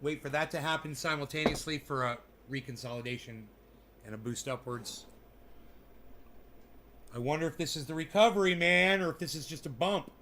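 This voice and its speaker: A man with a high, bright voice doing casual live commentary for his viewers. He rambles, swears freely and talks loosely to his chat. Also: moderate pace, slight background noise. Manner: rambling, profane, talking to chat. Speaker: crypto livestreamer.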